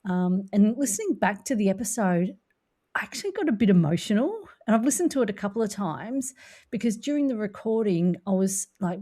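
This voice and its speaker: A woman's voice: mid-range voice, dark tone. Woman podcast host; chatty, playful, pun-happy. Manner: chatty and playful, fond of puns. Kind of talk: casual podcast chat.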